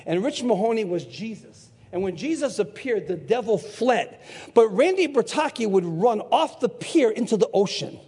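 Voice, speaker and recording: A husky man in his sixties delivers an animated sermon in a high, lively voice. He tells stories and shouts his main points. The sound carries a long echo from a large hall. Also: moderate pace. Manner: animated, storytelling, shouting for emphasis. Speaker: preacher. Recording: echoey hall.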